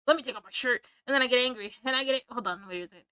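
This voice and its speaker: A woman's voice: a little high, rapid-fire, bright, forceful tone, clear, resonant tone, no room sound. A young woman streaming from home, chatting casually with her chat, play-acting anger and laughing often. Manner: playful mock-angry banter with frequent laughs.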